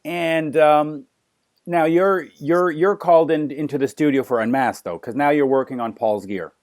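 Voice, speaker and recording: A man's voice: on the high side, moderate pace, a little mellow. Man hosting a fan interview. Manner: enthusiastic fan questions, repeated stammered starts. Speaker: interview host. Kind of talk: casual interview conversation.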